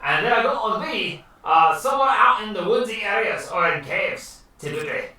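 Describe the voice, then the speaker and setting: A game master running a tabletop session, with a lively voice that rises and falls. The tone is bright and folksy, and the jokes come easily. It sounds as if it was picked up from across a reverberant room. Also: mid-range voice, moderate pace. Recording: echoey room, far from the mic.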